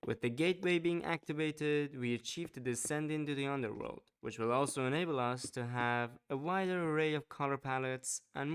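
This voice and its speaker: A man's voice: medium pitch, fairly bright tone, clean tone. A man hosting a let's play, doing a scripted voice-over in a playful, theatrical wizard persona full of puns.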